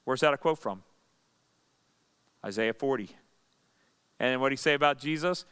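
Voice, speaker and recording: A man's voice: medium pitch, moderate pace, fairly bright tone, smooth. A pastor leading a Bible study, teaching in a conversational way, asking and answering his own questions.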